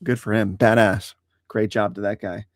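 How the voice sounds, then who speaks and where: Laid-back lower-voiced man chatting. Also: fairly even intonation, moderate pace, dry recording, studio quality. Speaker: podcast co-host. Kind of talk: casual live-stream chat.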